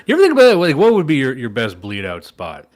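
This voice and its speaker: A man from Canada, co-hosting a podcast in a dry, deadpan, joking way. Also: mid-range voice, fast talker. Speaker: podcast co-host. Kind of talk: casual chat.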